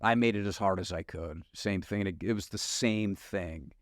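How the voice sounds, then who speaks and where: A man with a low voice talks at normal speed in a dry, clean studio recording. The middle-aged Wisconsin guest pastor narrates his testimony animatedly, breaking into laughter and acting out dialogue along the way.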